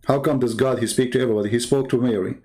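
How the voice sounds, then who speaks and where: Mellow-voiced Arabic-accented man, mocking debater. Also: mid-range voice, steady tone, very fast. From Arab world. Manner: mocking, rhetorical questioning. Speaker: debate channel host. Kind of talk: live online religious debate.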